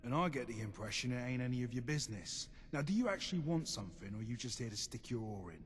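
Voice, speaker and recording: An actor with a British accent playing a curt, prickly ghoul ammo merchant in video game dialogue, with short, guarded replies. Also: male voice, mid-range voice, lively intonation, quick pace, breathy edge.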